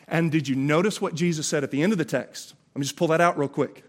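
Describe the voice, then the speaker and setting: A pastor with a Southern US accent delivers an Easter sermon, his voice a little higher than most men's. He addresses the congregation in a casual, impassioned way, stumbling through quick repeated restarts.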